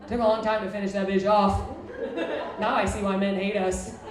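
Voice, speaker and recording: A woman's voice: mid-range voice, level tone, moderate pace. A young woman performing crude, self-mocking stand-up comedy and chatting with the crowd at a live venue. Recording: roomy live recording from a distance, crowd laughter.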